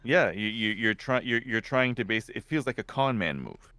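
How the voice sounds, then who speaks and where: A man's voice: on the low side, expressive, normal speed, sharp tone, no room sound. A man from Canada chatting casually on a stream, talking in a blunt, dry way with stumbling restarts. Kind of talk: casual political banter.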